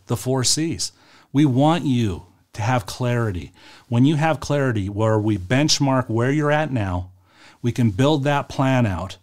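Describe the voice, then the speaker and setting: A man, a financial advisor, presenting a webinar in a casual, story-driven way, with rhetorical questions and frequent fillers. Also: medium pitch. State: choked up at moments.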